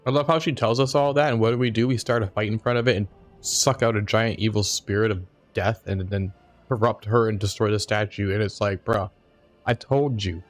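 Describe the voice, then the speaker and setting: A young man streams a game and chats casually. His voice sits a little low. He fills his commentary with crude, profane jokes and easy banter. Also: fairly even intonation, brisk, soft background music.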